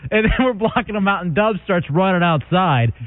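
A man's voice: high voice, animated, fairly quick. A man hosting a radio show, brash and teasing, laughing often through the banter. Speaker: radio host. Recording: narrow phone-like radio broadcast.

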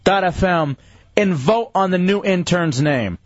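A man's voice: high voice, animated, no room sound. A man hosting a radio show, joking and laughing in casual banter. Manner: laughing, quick jokes. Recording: dry, dull lo-fi studio.

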